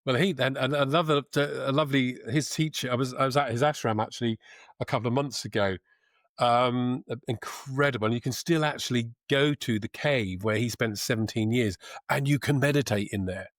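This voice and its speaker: Man, podcast guest, reflective, measured, pausing, actor's diction, mid pitch, dry close mic. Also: no room sound. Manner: thoughtful, measured, with pauses and restarts. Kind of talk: reflective conversation.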